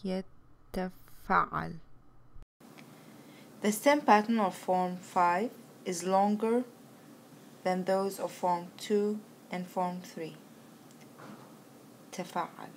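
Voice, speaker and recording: A woman with a mid-range voice gives a recorded language lesson. She explains each verb pattern patiently, one step at a time. She recites the conjugations slowly and clearly. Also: mid-range voice, a little mellow, slight background noise. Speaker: Arabic teacher.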